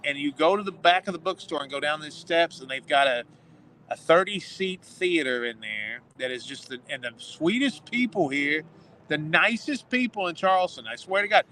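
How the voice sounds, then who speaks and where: A man's voice: fairly high pitch, moderate pace, slight background noise, low-quality recording. A man co-hosting a casual podcast, joking and telling stories from a city alley at night. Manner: joking, animated storyteller. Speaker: podcast co-host. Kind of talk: casual chat.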